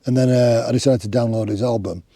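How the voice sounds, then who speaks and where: A man's voice: medium pitch, steady tone, fast, dark tone, dry recording, clean studio sound. A middle-aged man, chatting casually and rambling through a hiking vlog from open moorland, speaking into a clip-on mic. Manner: rambling and chatty, many restarts and fillers. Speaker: hiking vlogger. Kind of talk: casual outdoor vlog chat. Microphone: clip-on microphone.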